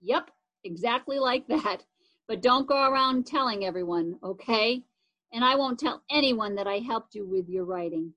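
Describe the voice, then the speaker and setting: A woman reads as a friendly child who offers help and encouragement. The voice is high and natural. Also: lively intonation, normal speed. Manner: warm and encouraging. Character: friendly, helpful kid, the story's narrator.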